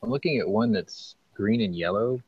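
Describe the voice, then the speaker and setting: A man's voice: lowish voice, normal speed, a little mellow, slightly rough, no echo. A man chatting on a group call in a matter-of-fact way, reading out details. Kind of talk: casual group chat. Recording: dull lo-fi line with faint hiss.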